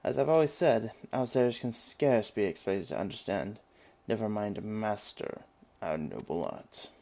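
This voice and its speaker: A man's voice: fairly low pitch, animated, moderate pace, creaky, warm tone. A man doing a scornful British elf archer. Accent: put-on British. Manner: cutting, contemptuous. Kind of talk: reading game dialogue aloud.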